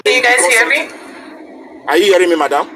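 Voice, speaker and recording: Phoning in to a live broadcast, this Nigerian caller argues politics with real passion, restarting and repeating himself as he builds his point. His voice sits high and is expressive, pushed, and bright, moving a little fast. The audio is poor, with slight background noise.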